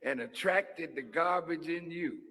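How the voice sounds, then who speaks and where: A man preaching a sermon, teasing and conversational, dropping to hushed asides and then rising to shouts. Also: fairly high pitch, a little slow, noisy background. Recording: long hall reverb.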